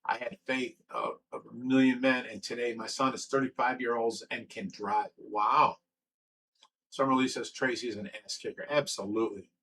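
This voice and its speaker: A man's voice: medium pitch, fairly even intonation, moderate pace, a bit bright, a little hiss or hum, poor audio. A man hosting a casual livestream, reading viewer comments aloud and answering them in an earnest, emotional way. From Ohio. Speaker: livestream host reading chat.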